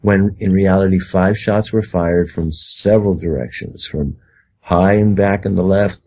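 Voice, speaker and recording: A man's voice: sits low, unhurried, dark tone. A man interviewed as a guest, talking at length in an emphatic, rambling way and acting out quoted speech. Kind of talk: conspiracy talk interview.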